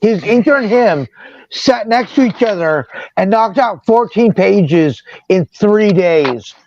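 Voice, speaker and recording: A man from Seattle chatting casually on a video call, telling animated, slangy stories. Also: sits high, slow, vocal fry, dull audio, a little hiss or hum. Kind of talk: casual chat.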